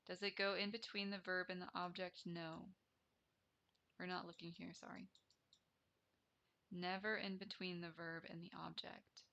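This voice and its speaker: A woman English teacher explaining a grammar lesson deliberately, repeating each key term. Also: fairly low pitch, little pitch movement, gravelly, bright, forceful tone, muffled recording.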